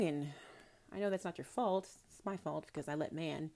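Speaking a little fast in a lowish voice, a self-proclaimed prophetess offers an informal spiritual talk to the camera. She draws the listener close with honey, swears casually and at moments hushes into soft whispers.

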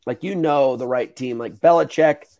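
A young man hosting a podcast, telling stories in a casual, animated way, swearing and acting out the voices of the people in them. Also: mid-range voice, moderate pace, gravelly. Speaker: podcast host. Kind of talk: casual storytelling chat.

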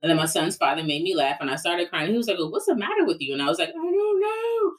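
A woman's voice: low voice, big pitch swings, rapid-fire. A woman in her thirties co-hosting a casual podcast chat, telling stories with quoted asides. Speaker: podcast co-host.

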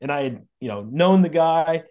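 A man's voice: a little high, lively intonation, normal speed, warm tone, lo-fi sound. A middle-aged man from Connecticut, a guest on a podcast, telling his story in a chatty way, repeating words and chuckling often. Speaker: podcast guest, auto shop owner. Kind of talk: casual storytelling interview.

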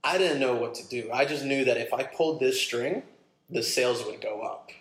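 A man casually telling a long personal story, animated and acting out what people said. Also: mid-range voice, moderate pace. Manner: animated, acts out his own quotes. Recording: roomy echo.

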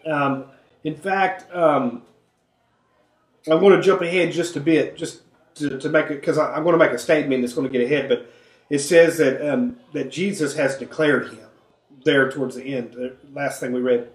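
A man's voice: on the high side, steady tone, moderate pace. Man leading a Bible study. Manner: earnest, frequent coughing and throat clearing. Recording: echoey room.

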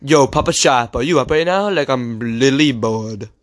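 A man's voice: medium pitch, normal speed, voice pushed down, lightly acted. A teenage boy imitating a laid-back classmate who lisps and fills every phrase with "like". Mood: drawling. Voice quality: lisp, every phrase padded with "like".

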